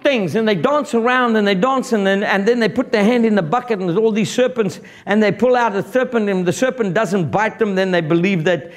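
A man preaching a sermon in an animated, blunt and joking way, quoting scripture and retelling a fable. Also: high-pitched, brisk, hardly any pauses.

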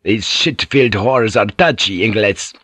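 A man's voice: medium pitch, measured pace, a bit bright, no echo, pitched above the performer's own voice. A man voicing a brawny, swaggering Portuguese sailor who talks coarse and boisterous. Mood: annoyed.

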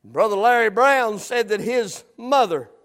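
A middle-aged man preaching a sermon with fervent, shouted cries and drawn-out phrases. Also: high voice.

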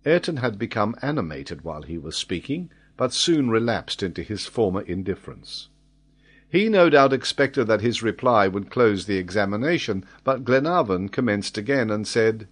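A man narrating a classic adventure novel in a measured, steady audiobook reading. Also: on the low side, breathy edge.

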